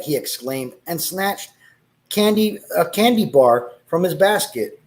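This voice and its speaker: Man, storyteller, high voice, lively pitch, laughs between lines. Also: measured pace. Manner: laughs and breaks off with asides while reading; slips into Spanish exclamations. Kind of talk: reading a horror story aloud.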